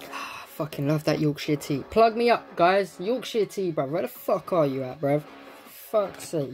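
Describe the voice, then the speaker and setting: A man's voice: on the high side, a little mellow. A young man chats loosely while opening trading card packs, reading each card name aloud and dropping frequent swears. His delivery is laid-back and conversational, with faint music playing behind him. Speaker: card pack opening host. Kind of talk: casual pack-opening chat.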